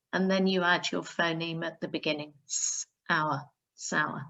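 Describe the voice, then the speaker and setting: A woman primary school teacher, giving a recorded reading lesson, sounding out words slowly and carefully for pupils. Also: medium pitch.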